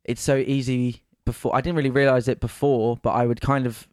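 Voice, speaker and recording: A man's voice: medium pitch, little pitch movement, fairly quick, a little mellow, no echo, clean studio sound. A man from England, chatting casually on a podcast, hesitant and searching for words.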